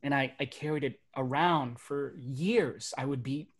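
A man, a magician and speaker in his thirties, telling comic personal stories to a virtual audience on a webcam setup, animated, and dropping to quiet for serious beats. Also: mid-range voice, a little slow, breathy edge. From Burbank, United States. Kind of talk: stand-up storytelling for a virtual audience.

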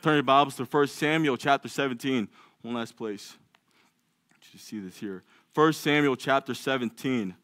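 A man's voice: medium pitch, normal speed, a bit bright, no echo, clean studio sound. A man preaching a sermon in a church, reading scripture aloud and acting out the doubts of biblical figures in a raised voice. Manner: reads scripture aloud, with some stumbles. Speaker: lay preacher.

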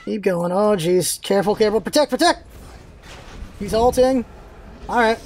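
A gaming video host calling out live gameplay, excitable and shouting, repeating calls and teasing opponents. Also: mid-range voice, moderate pace, faint music behind. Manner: teasing, talks to enemy players.

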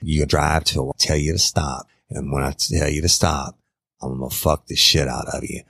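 A man voicing a cold, threatening male abductor who speaks in a flat, menacing way. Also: very deep voice, moderate pace, breathy edge, heavily acted.

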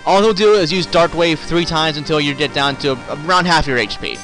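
A man's voice: fairly high pitch, a little fast, over music. A man commenting on his gameplay, joking and sarcastic, talking back to the characters on screen. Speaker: let's play host.

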